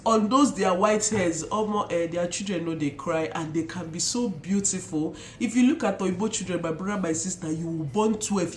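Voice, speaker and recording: A young Nigerian woman telling stories casually to her viewers with an animated, expressive manner and Pidgin asides. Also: mid-range voice, reverberant, a little hiss or hum. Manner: animated, mixes Pidgin asides, imitates loud shouts. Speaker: vlogger. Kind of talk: casual storytelling to camera.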